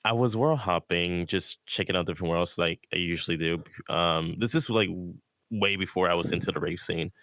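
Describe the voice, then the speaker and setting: A man with a very low voice recounts his story in a relaxed, rambling way, full of "like" and "um". The sound is dry and close, with no room around it. He talks as a guest in a casual podcast conversation. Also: brisk, no room sound. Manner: laid-back storytelling with many fillers and laughs. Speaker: guest, VR rave DJ.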